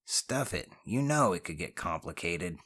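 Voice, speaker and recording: A man voicing a wisecracking young male criminal, joking and a little anxious, in a higher voice than his narration. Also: very animated, unhurried, a bit bright, full character voice.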